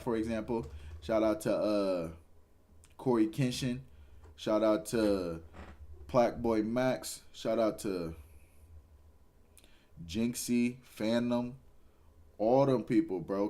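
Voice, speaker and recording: A man's voice: lowish voice, dark tone. A tired young man, a streamer giving a rambling, earnest motivational talk and swearing casually. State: tired, yawning.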